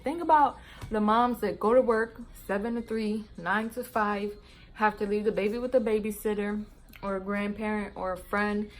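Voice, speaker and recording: A woman's voice: medium pitch, low-quality recording. A young woman chatting casually to camera as a mom vlogger, rambling, laughing often and using slang.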